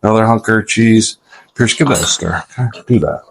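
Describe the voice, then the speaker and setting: Low-voiced dad hyping a home cooking show. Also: male voice, brisk, creaky, background noise. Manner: playful hype-man patter, shout-outs and "boom". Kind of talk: casual cooking demonstration. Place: home kitchen.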